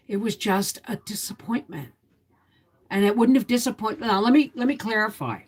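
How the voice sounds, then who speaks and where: A woman's voice: mid-range voice, expressive, normal speed, breathy edge. A woman in her fifties hosting a casual livestream, telling a rambling, confiding story to viewers while sounding emotionally tired. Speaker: homestead vlogger hosting a livestream. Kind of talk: casual live-stream chat.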